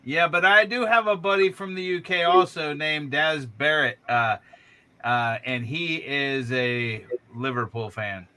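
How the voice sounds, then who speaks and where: Man, laid-back, casual chat, slightly high bright voice, video call. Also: smooth. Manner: slow, laid-back, laughs often.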